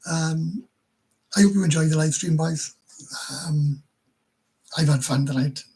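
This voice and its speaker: A Welsh man chats to his viewers in a deeply husky, breathy voice pitched slightly above the usual male range. He rambles, swears, and laughs his way through crude anecdotes. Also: unhurried, warm tone, rough recording. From Wales. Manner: crude, swears constantly, laughs mid-story, stumbles and restarts. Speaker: live stream host. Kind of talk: casual storytelling to viewers.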